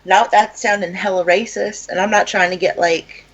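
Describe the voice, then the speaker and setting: Husky American woman, teasing. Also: medium pitch, steady tone, normal speed. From United States. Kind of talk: casual group chat.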